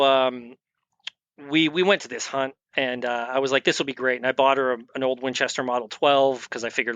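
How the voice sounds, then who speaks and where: A man's voice: mid-range voice, fairly bright tone, no room sound. A man guest on a podcast, casually telling a rambling story full of restarts and acted-out quotes. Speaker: guest, firearms expert and veteran.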